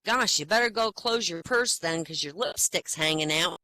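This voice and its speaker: A man putting on a high, childish voice for a cheeky little girl. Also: moderate pace, sharp tone, low-quality recording. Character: sassy little girl in a sandbox.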